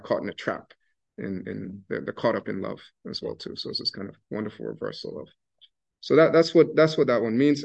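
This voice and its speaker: A man explaining classical poetry in a relaxed, conversational way, with frequent restarts and livelier bursts when he quotes. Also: medium pitch. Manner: conversational, many restarts and fillers, animated when quoting. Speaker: scholar explaining Sufi poetry. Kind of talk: casual lecture-style explanation.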